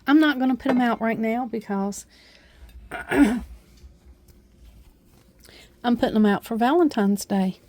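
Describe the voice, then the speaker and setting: A woman's voice: a little high, measured pace, pauses often, a little mellow, slight background noise. A woman at home in her kitchen with an Appalachian accent, chatting homily through her decorations in a casual vlog. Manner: homey, chatty, with frequent uh fillers. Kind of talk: casual show-and-tell vlog.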